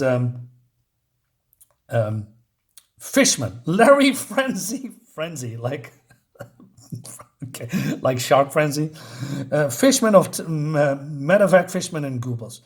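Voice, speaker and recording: A man reviewing a comic book in casual talk, often laughing and halting with fillers as he reads the dialogue aloud. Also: a little high.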